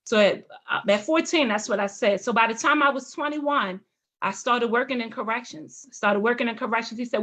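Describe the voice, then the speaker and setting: A woman's voice: a little high, brisk, bright, forceful tone. A woman in her forties, a parole and probation agent, telling her life story with passion and rhetorical questions at a meeting. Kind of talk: personal testimony at a meeting.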